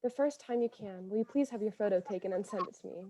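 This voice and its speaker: A woman's voice: mid-range voice, fast, warm tone, a little hiss or hum, natural voice. A woman reading as a lovesick 1918 sweetheart. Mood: heartbroken. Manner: earnest, emotional, imploring. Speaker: reader of historical letters. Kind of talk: dramatic letter reading.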